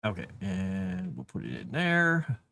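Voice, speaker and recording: A man talks casually through a writing livestream, thinking aloud with plenty of fillers and restarts. His voice sits at a middle pitch, and the sound is dry and close, with no room echo. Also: wildly swooping pitch, unhurried, creaky, sharp tone.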